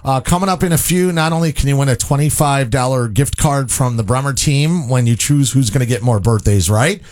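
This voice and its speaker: A middle-aged man, co-hosting morning radio and telling an excitable, frantic story. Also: mid-range voice, a little fast. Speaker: radio show co-host.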